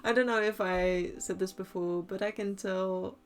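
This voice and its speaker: A woman's voice: medium pitch, steady tone, moderate pace. A young woman streaming while she crafts, chatting casually, giggling often and hesitating with many restarts.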